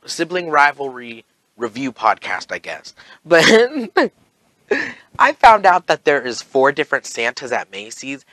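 Sassy, excitable man hosting a podcast. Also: no room sound, low-quality recording. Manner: sassy, campy and excitable, swinging to soft and low. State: sore with heartburn. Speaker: podcast host. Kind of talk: casual solo podcast chat.

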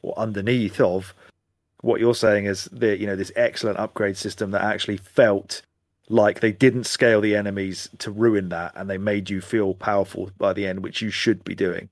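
A man's voice: on the low side, little pitch movement, normal speed, no echo, clean studio sound. A man chatting animatedly on a casual gaming podcast, rambling and swearing now and then. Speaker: podcast co-host.

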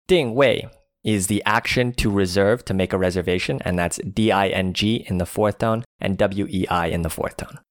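A man explains vocabulary in a plain, steady way, spelling out each word in turn. His voice is fairly low. The recording is dry and close, with almost no room sound. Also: moderate pace, no room sound. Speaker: language lesson co-host. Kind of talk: spelling out words in a language lesson.

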